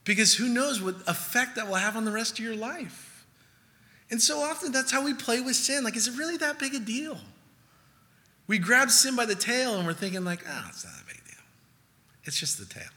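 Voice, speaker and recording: Male pastor, sermon, urgent and emphatic, very bright tone, long hall reverb. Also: extremely high pitch, normal speed. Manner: emphatic, rising to urgent peaks, then hushed storytelling.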